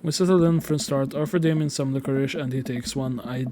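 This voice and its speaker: A man's voice: medium pitch, fast, warm tone, a little hiss or hum. Casual, foul-mouthed young male streamer reading a game aloud, mid-range voice. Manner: casual and profane, chatting between read lines.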